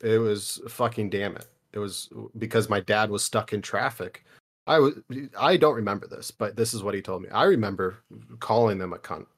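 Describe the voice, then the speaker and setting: A man's voice: lowish voice, normal speed. A young man co-hosting a casual podcast, telling crude stories in a rambling, jokey way. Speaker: podcast co-host.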